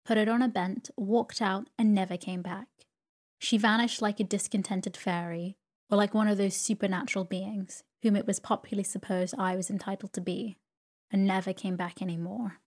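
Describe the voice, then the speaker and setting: Calm woman reading a sleep story. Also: medium pitch, moderate pace. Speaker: narrator.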